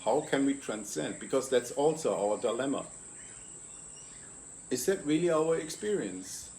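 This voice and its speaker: A man of ordinary pitch speaking in a calm, reflective way. He walks through his ideas patiently, one step at a time. He asks rhetorical questions and answers them himself. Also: unhurried, slight background noise. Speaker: host and consciousness coach. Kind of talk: reflective interview talk.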